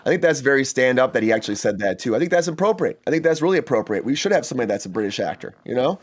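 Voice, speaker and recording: A man's voice: medium pitch, animated, rapid-fire. A man hosting a casual entertainment news chat, talking in a chatty, enthusiastic way with many fillers and asides. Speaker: host.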